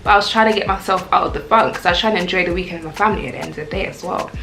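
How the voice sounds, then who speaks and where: A young woman, telling a casual storytime rant in a chatty, animated way. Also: fairly low pitch, rapid-fire. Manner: chatty, animated, lots of "like" and "I was like". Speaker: vlogger. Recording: echoey room with faint music.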